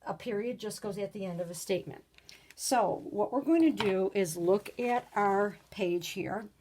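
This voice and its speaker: A woman teaching a recorded grade-school lesson, patient and clear, sometimes reading example sentences with lively exclamations. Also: medium pitch, moderate pace, slight background noise. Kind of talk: recorded video lesson for children.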